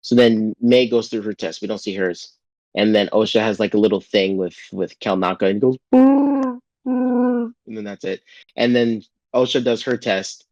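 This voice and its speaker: Male podcast co-host, low voice, rambling casual recap, mimics quotes in falsetto bursts, dry muffled mic. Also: fairly even intonation, moderate pace, darkish tone, no echo. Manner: rambling, full of "like" and restarts, acts out quotes in a raised voice. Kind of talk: casual chat recapping a TV episode.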